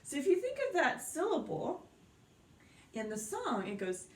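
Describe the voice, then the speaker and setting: Patient woman teaching piano, slow and lively. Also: high-pitched. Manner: patient, checks in with "okay?" and counts aloud. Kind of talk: virtual beginner piano lesson. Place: indoors at a piano. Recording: roomy sound from off-mic, piano behind.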